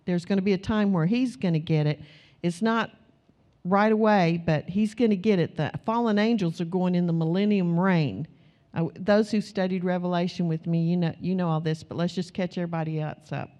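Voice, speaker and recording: Animated, chatty woman preacher. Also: lowish voice, fairly quick. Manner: conversational, animated storytelling, many "you know"s. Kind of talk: sermon.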